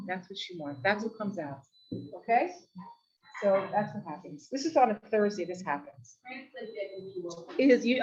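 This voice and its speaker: A woman giving a live Torah talk, telling a story with lively delivery. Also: mid-range voice, normal speed. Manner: animated storytelling, rises to shouting for quoted outbursts. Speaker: teacher giving a weekly talk. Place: women's study hall in a community center. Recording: dull lo-fi live recording.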